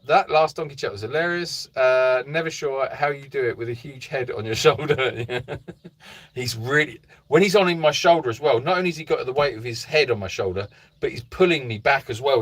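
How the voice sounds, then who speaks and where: A man's voice: medium pitch, moderate pace. A man hosting a casual live stream for an animal sanctuary from a narrow boat, reading viewers' comments aloud and greeting each by name in a chatty, meandering way.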